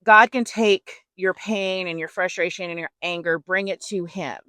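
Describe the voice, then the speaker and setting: A chatty woman host telling a story in a relaxed, faith-based way, full of slangy asides to her listeners. Her voice sits fairly low and smooth. It is recorded close and dry. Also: normal speed, dry recording. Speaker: podcast host.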